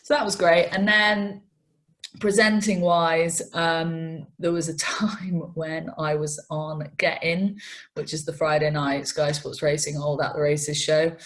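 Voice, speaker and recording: Low-voiced woman telling stories. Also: measured pace. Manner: animated, self-mocking storyteller. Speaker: racing TV presenter. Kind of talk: interview anecdotes.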